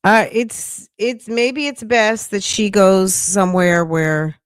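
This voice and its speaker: A woman's voice: mid-range voice, fairly even intonation, takes it slowly, no echo, studio quality. A woman hosting a casual live commentary stream, chatty and incredulous, often laughing. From United States. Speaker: livestream commentary host.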